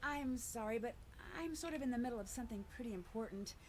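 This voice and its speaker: A woman's voice: a little high, fast talker, darkish tone, a little hiss or hum, natural voice. An actress voicing a polite, guarded woman spy from the United States in a video game.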